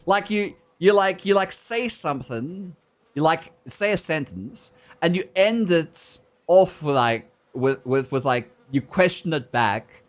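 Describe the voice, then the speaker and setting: Giggly, high-pitched man streaming a game. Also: lively intonation, slow pace. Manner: giggly, rambling, mock-teasing. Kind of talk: casual gameplay commentary.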